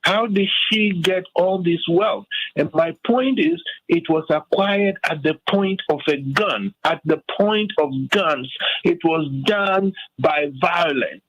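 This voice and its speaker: Older man from Africa, radio guest, passionate and animated, dry close sound. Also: high-pitched, slow, no echo, rough recording. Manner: fired up, animated, many restarts and "okay?" asides. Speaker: guest commentator. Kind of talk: radio talk show discussion.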